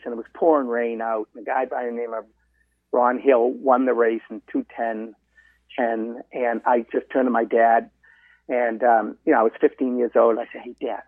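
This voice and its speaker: Speaking in a mid-range voice with no room sound, a roughly seventy-year-old Massachusetts marathoner recounts his story as a guest in an interview. He's a lively storyteller who voices the dialogue of the people he met. It comes through a dry, phone-like line.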